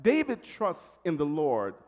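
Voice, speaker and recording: A man's voice: a little high, a little slow, dull audio. A man with an American accent preaching a sermon as pastor, calling out to his congregation. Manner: animated preaching, calls to congregation. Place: church sanctuary. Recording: long church reverb.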